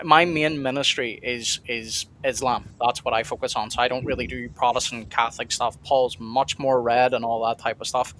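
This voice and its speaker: A man's voice: mid-range voice, a bit bright, a little hiss or hum. Blunt man steering a stream discussion. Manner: blunt, direct, steering the conversation. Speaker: stream host and debater. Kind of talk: casual livestream discussion.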